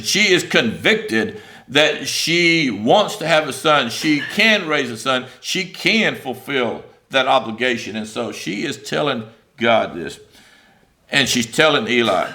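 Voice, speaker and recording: Bright-voiced male preacher, animated. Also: medium pitch, slow pace. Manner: conversational, animated preaching with many fillers; reads scripture aloud and paraphrases it. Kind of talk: sermon.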